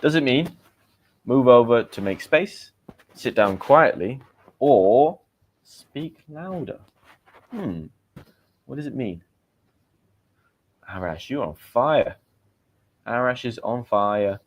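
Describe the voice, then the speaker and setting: A man's voice: mid-range voice, lively intonation, takes it slowly, pauses often, lo-fi sound. A man with a British accent hosting a live vocabulary lesson, quizzing viewers and reading out their comments in a chatty way. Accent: British English. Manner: chatty, asks viewers quiz questions and reads out their comments. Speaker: English teacher and livestream host.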